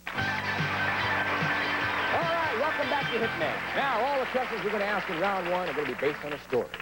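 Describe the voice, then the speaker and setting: A male game show host with a bright, high voice that swoops up and down as he jokes with the players. He keeps the patter quick and bouncy. Loud studio music plays under him. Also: lively intonation, rough recording. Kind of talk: upbeat game show hosting.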